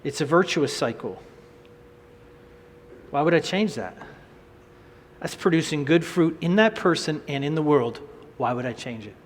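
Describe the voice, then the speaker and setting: A man preaching, voicing Jesus as a calm, gently puzzled figure who mildly questions the listener. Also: on the high side, unhurried, long pauses, in a large hall, slight background noise.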